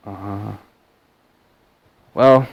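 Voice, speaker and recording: A man's voice: lowish voice, drawn-out words, vocal fry, lo-fi sound. A man from the American South talking to camera in a rambling, casual monologue full of fillers and restarts. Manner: meandering, many fillers and restarts. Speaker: vlogger.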